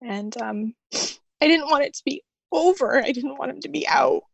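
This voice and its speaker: A woman guest telling her own story in an emotional interview, tender, with soft laughter through tears. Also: high voice, normal speed, vocal fry, highs cut off.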